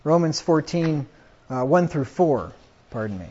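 A man preaching a sermon, quoting scripture emphatically and getting louder on the quotes. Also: a little high, animated, unhurried. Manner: emphatic, rises loud when quoting scripture. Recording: dull lo-fi recording.

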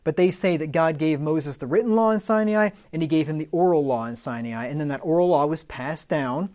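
A man's voice: fairly high pitch, brisk, darkish tone. A man giving a teaching talk. He reads old scripture aloud with rising emphasis and slips into plain, conversational asides with fillers between readings. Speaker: Bible teacher.

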